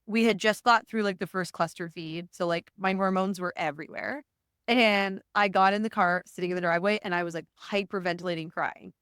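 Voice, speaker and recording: A woman guest on a podcast, telling stories in a lively way and acting out what she once said. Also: medium pitch, brisk, clean tone, dry recording, studio quality. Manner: animated storyteller, acts out her own past words. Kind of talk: casual conversation.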